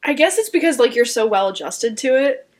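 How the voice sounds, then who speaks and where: Young woman co-host, higher voice, a little raspy, casual and reflective. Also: animated, brisk. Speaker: podcast co-host. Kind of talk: casual chat.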